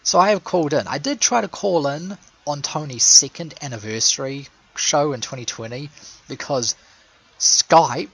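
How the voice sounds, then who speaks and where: A man's voice: fairly high pitch, moderate pace, a bit bright, husky, poor audio. A man giving a rambling, sarcastic casual commentary, laughing at his own jokes. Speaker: show fan and caller.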